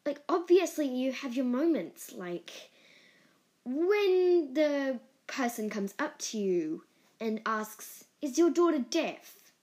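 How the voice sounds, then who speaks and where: A woman talks through her own solo podcast in an earnest, heartfelt way, letting her feelings show. Her voice sits a little high and she takes her time between words. Now and then she breaks into giggles or a burst of excitement. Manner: earnest and heartfelt, openly emotional. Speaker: podcast host. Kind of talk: casual solo podcast monologue.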